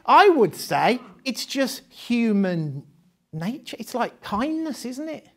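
A man's voice: extremely high pitch, sing-song, measured pace, fairly bright tone. A man leading a live training session for teachers, talking conversationally with rhetorical questions and frequent laughs.

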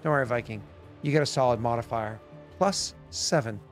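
A man's voice: medium pitch, soft background music. A man running a tabletop game as game master, talking with many fillers, his voice worn out from work. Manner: rambling, halting, lots of fillers.

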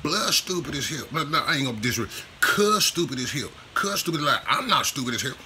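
A man's voice: on the high side, big pitch swings, fairly quick, bright, forceful tone, slight background noise. A man vlogging a casual commentary rant, profane and repetitive in his street slang.

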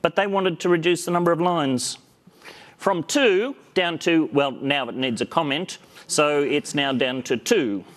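Man, fairly high voice, playful lightning talk, crowd callbacks. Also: a little slow, a bit bright, slight background noise. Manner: playful, jokey, gets the crowd to call back. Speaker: conference speaker. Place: conference hall stage.

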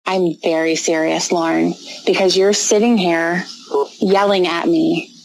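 A woman's voice: on the low side, fairly even intonation, unhurried, vocal fry, slight background noise, rough recording. A woman in a heated phone argument, firm and commanding, repeating her demands. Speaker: caller.

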